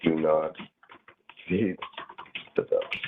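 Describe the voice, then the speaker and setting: Deep husky male teacher, tinny line. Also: fairly even intonation, drawn-out words. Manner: rambling, filler-heavy, acts out little scenes. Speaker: Arabic grammar teacher. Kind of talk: casual online class explanation. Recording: tinny phone-like audio.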